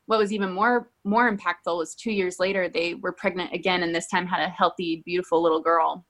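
A woman's voice: lowish voice, steady tone, brisk, a bit bright. Candid woman telling her story. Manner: candid, conversational, many "like" fillers. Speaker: guest. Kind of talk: personal storytelling interview.

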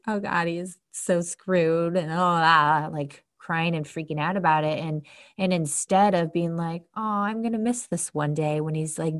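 A woman's voice: on the low side, a little mellow. A woman in her thirties giving casual self-help advice as a host, chatty and earnest, often acting out what people say to themselves. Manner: chatty, earnest, acts out inner voices. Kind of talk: casual motivational talk.

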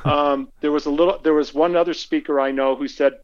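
A male podcast guest telling animated stories and acting out the quotes in them. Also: a little high, brisk, few pauses, lo-fi sound. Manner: animated anecdotes, acts out quotes. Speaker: guest speaker. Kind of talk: conversational storytelling.

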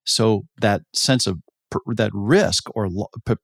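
A man with a gravelly, fry-tinged voice co-hosts a podcast in relaxed conversation. He explains ideas carefully, often pausing to restart a phrase. The recording is dry and close, with no room sound. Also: on the low side, dry recording. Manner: thoughtful, explanatory, with frequent restarts. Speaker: podcast co-host. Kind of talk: casual conversational podcast chat.

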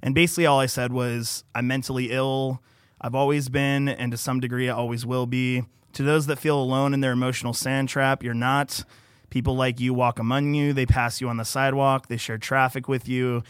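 Soft-spoken man in a dry studio. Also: mid-range voice, flat delivery, brisk, clean tone, dry recording. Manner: earnest, soft-spoken, reads his own writing aloud. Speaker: podcast engineer. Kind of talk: casual podcast conversation. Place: podcast studio.

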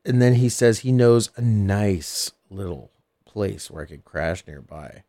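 A man's voice: lowish voice, lively intonation, measured pace, dark tone. A man co-hosting a casual radio show, telling a story with plenty of swearing and laughing mid-sentence. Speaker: co-host.

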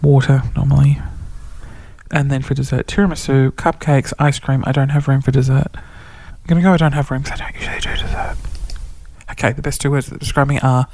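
A hungover man in his thirties, whispering wearily in a dark room during a casual monologue as a podcast host. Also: mid-range voice, level tone, brisk, creaky. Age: 30s. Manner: whispering, hushed and weary.

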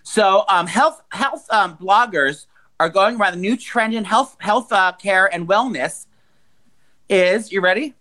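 A woman in her forties chatting on a podcast, her voice sitting in an ordinary middle range. She retells shocking stories bluntly and with plenty of swearing, animated and unfiltered. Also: medium pitch, unhurried. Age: 40s. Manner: blunt, profane, animated storyteller. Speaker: podcast co-host. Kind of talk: casual chat, retelling news stories.

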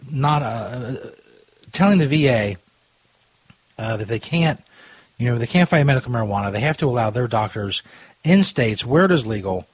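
A man's voice: medium pitch, husky, no echo. A man hosting a podcast in a stoner Jesus persona, ranting and joking with lots of profanity. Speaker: podcast host. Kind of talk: casual rant podcast.

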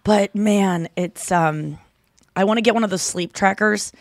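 A woman's voice: mid-range voice, measured pace, no room sound, studio quality. A woman hosting a podcast in casual chat, rambling and chatty, swearing freely. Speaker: podcast host.

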